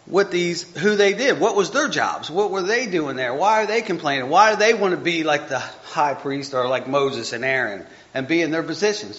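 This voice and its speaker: Guy leading a bible study, rambly, trips over names, bright edgy voice, kinda muffled lo-fi recording. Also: on the high side. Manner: rambling, self-correcting, stumbles over names. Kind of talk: informal Bible study talk. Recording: dull lo-fi recording.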